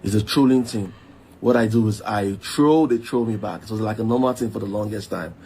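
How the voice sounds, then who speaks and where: A man's voice: on the low side, fairly quick, warm tone, slight background noise. A man making an apology video, speaking hesitantly with many fillers.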